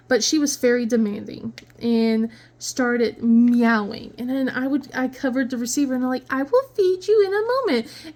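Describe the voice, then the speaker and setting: A woman hosting a crafting channel, chatting casually and rambling, laughing often. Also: a little high. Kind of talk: casual chat.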